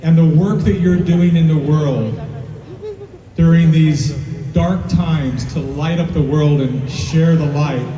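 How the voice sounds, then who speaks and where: A man's voice: fairly high pitch, fairly even intonation, slow, mellow. A man speaking to a live audience at a film premiere, earnest and grateful, building to emphatic peaks. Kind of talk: heartfelt speech to a live audience. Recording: roomy hall, voice from far off, crowd and noise behind.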